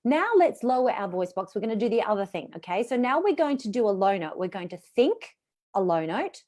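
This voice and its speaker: A woman's voice: medium pitch, very animated, a little fast, darkish tone. A woman voice coach leading a live online workshop, chatty and encouraging as she demonstrates vocal exercises.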